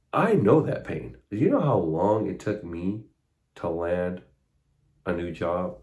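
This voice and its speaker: A man's voice: deep voice, a little mellow. A man giving an earnest, conversational faith talk, retelling stories with casual asides. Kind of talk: spoken faith monologue.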